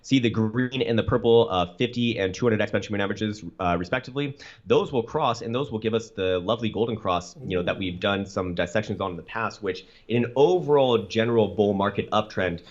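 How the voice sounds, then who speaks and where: A man walking through chart analysis on a call as a guest, rapid and full of restarts, in dull lo-fi call audio. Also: lowish voice.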